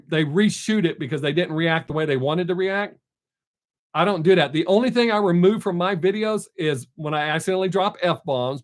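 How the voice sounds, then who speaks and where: Blunt, chatty man. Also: fairly high pitch. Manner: blunt, talkative, storytelling. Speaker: live stream host. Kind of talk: casual chat with viewers.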